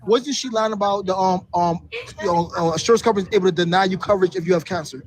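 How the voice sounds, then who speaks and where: High, fast-talking defensive man. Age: adult. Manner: insistent, defensive, stammering. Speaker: panelist. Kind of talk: heated live panel argument.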